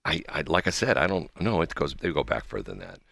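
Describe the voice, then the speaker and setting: Animated rambling radio co-host man. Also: a bass voice, fast talker, vocal fry, dry recording, studio quality. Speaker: radio morning show co-host. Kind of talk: casual radio banter. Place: radio studio.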